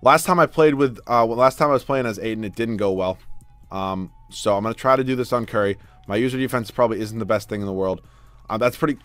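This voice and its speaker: A young man giving live video game commentary, exasperated and swinging from low muttering to loud yelling. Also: fairly quick, no room sound. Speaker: gaming YouTuber. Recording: dry close mic with faint background music.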